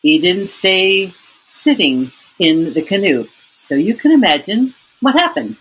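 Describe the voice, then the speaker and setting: A woman author retelling a story in an interview, slow and lively, building up the suspense. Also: mid-range voice, husky, poor audio.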